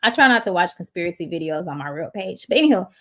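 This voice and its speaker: A woman's voice: fairly low pitch, expressive, fast. Chatty woman livestreaming to viewers. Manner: chatty, slangy, lots of fillers. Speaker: YouTuber hosting a livestream. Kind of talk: casual livestream chat.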